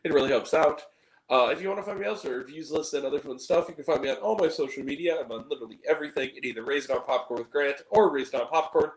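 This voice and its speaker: A man's voice: on the high side, fast talker, roomy sound, poor audio. A man hosting a movie review video, rambling casually with plenty of fillers and casual swearing.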